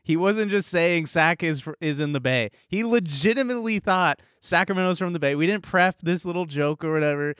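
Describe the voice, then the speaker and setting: A man's voice: a little high, fairly quick, hardly any pauses, a bit bright, smooth, no room sound, studio quality. A young man co-hosting a podcast in casual chat, teasing and sarcastic, often laughing. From San Francisco Bay Area. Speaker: podcast co-host.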